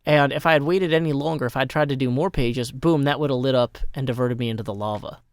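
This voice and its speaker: A man's voice: medium pitch, quick pace, clear, resonant tone, no echo, studio quality. A man from Nashville with a Southern US accent, chatting playfully as host while explaining a game he built. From Nashville, Tennessee. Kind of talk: game commentary.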